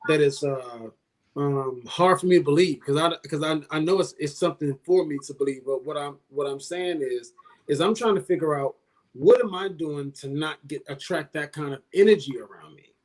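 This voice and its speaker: A man's voice: on the high side, normal speed. A man co-hosting a casual talk show, rambling and hesitant, with many restarts. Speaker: co-host. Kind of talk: casual podcast discussion.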